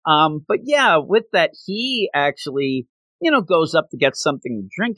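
Bright-voiced man recapping a manga chapter. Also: mid-range voice, expressive, no echo. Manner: rambling, acts out characters' lines in quick asides. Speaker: manga podcast co-host. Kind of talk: casual chat recapping a chapter.

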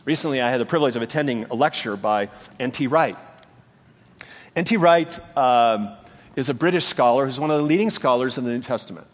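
A man's voice: medium pitch, animated, fairly quick. A man preaching a sermon as pastor, earnest and emphatic, with rhetorical questions to the congregation. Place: church sanctuary. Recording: church hall reverb.

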